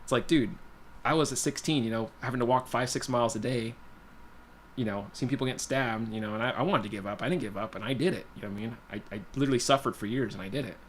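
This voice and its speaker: Fast-talking man rambling through a story. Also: mid-range voice, slight background noise. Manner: rambling, full of "you know" and "like"; blunt, plainspoken. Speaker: guitar livestream host. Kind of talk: casual personal storytelling.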